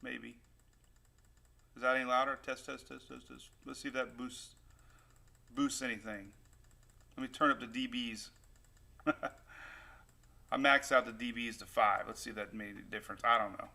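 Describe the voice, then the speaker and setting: Man, weather livestream host, gravelly voice, rambling casual chat. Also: medium pitch, steady tone, normal speed, long pauses, pushed and bright. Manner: rambling, chatty, upbeat. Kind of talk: casual live-stream chat. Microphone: new desktop microphone.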